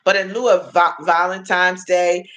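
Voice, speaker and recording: A woman's voice: lowish voice, little pitch movement, unhurried, a bit bright. A woman in her forties chatting casually on a livestream, motherly and affectionate, laughing often and talking to viewers by name. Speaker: livestream host.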